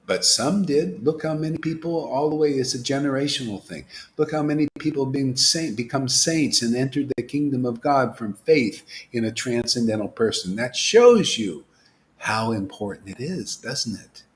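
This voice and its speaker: A man giving an informal, animated devotional talk as a spiritual teacher, dropping to whispers and rising to exclamations. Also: medium pitch, normal speed. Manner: animated preaching, swings from whispers to loud exclamations.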